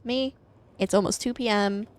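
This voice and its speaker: A young Midwestern woman streams a game from home, rambling casually, swearing freely and laughing a lot. Her voice is medium in pitch, clear and resonant, at a moderate pace.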